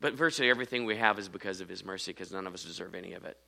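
Bright-voiced preaching man. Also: sits low, racing, creaky. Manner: earnest preaching, repeats phrases for emphasis. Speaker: pastor. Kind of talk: sermon.

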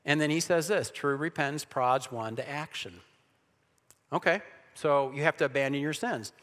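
Guy preaching, kinda high and forceful, lots of restarts, big echoey hall. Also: moderate pace. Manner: emphatic, with sarcastic asides and rhetorical questions; frequent restarts and repeated words. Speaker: Christian speaker on evangelizing. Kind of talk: preached talk to an audience. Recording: long hall reverb.

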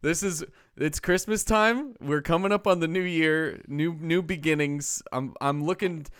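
A man's voice: a little high, measured pace, fairly bright tone, smooth, dry recording, clean studio sound. A man co-hosting a casual podcast, teasing his co-host and laughing easily. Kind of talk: casual chat.

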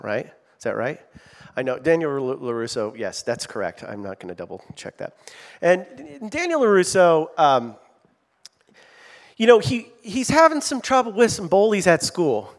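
Lively conversational male pastor, fairly high voice. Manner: lively, conversational preaching with asides to the congregation. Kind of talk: sermon.

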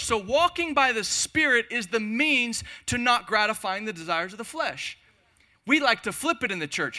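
A pastor in a church hall delivers a passionate sermon to his congregation, hammering home repeated phrases with emphasis. His voice sits extremely high, animated and bright, pushed out at a normal speed.

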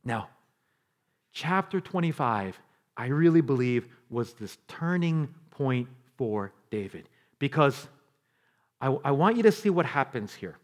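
A male pastor preaching a sermon with dramatic delivery, moving between loud passages and hushed near-whispers, with casual asides to the congregation. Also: medium pitch, sing-song, unhurried.

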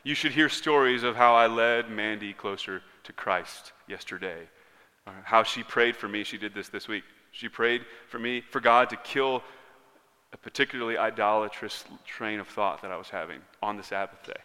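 Bright-voiced preacher in a reverberant hall. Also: male voice, lowish voice, moderate pace. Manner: earnest preaching, swinging between loud emphatic lines and hushed ones. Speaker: pastor. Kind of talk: sermon. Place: church sanctuary. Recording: long reverb of a large hall.

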